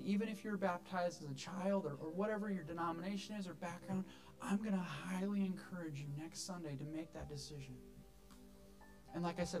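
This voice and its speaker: A man's voice: sits high, darkish tone. A man preaching as a pastor to his church, earnest, often repeating words as he stresses a point. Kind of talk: sermon. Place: church sanctuary.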